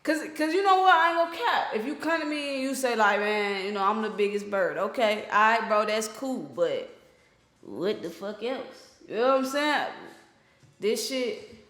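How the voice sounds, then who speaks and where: A man's voice: high-pitched, fairly quick, few pauses, sharp tone. A man hosting a reaction video, talking casually with a lot of slang and swearing, and speaking bluntly to his viewers. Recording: roomy echo.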